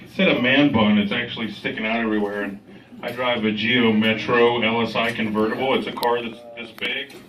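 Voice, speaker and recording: A man doing stand-up comedy, telling a story in a deadpan way and acting out the other man's lines in an agitated voice. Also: medium pitch, brisk, slight background noise. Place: comedy club stage. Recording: echoey club recorded from a distance.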